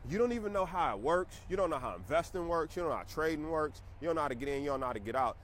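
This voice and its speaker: A man's voice: fairly high pitch, expressive, rapid-fire, fairly bright tone, slight background noise. A middle-aged man, a stock trading teacher, ranting casually and emphatically to his viewers. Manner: emphatic, preachy, conversational. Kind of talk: casual rant to camera.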